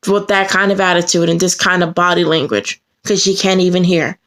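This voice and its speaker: A woman's voice: moderate pace, few pauses, a bit bright. Earnest woman telling a heated personal story. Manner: earnest, heated retelling that rises sharply in pitch when indignant.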